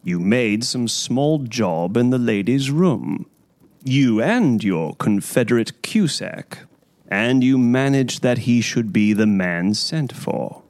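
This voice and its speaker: Guy reading a stern detective, slow and measured, lively pitch, dry close sound. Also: no room sound. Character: stern, cool-headed male detective. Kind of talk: audiobook character voice.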